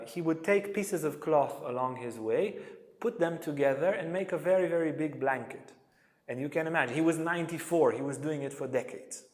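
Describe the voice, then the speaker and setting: A man teaching a yoga lecture as an animated storyteller, acting out voices in his stories. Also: on the high side. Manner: animated storyteller, acts out quotes. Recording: echoey hall.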